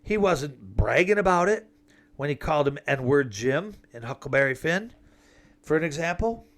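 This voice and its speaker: A man's voice: fairly high pitch, big pitch swings, normal speed, fairly bright tone. A man delivering an emphatic, rambling political monologue with sarcastic asides. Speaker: political commentator.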